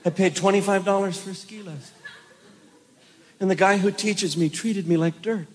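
A man performing a stand-up comedy routine, telling stories in an animated way with bursts of shouting. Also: sits high, moderate pace. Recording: noisy recording.

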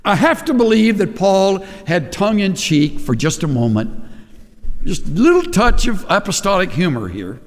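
Animated preaching man in a reverberant hall. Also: moderate pace. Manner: animated preaching with acted-out quotes and big swings in pitch. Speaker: pastor. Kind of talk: sermon. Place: church sanctuary. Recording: long reverb of a large hall.

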